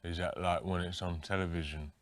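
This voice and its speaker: An actor playing a childlike, confused male rock guitarist who talks in slow, muddled thoughts in a comedy sketch interview. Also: sits low, steady tone, dry recording, natural voice.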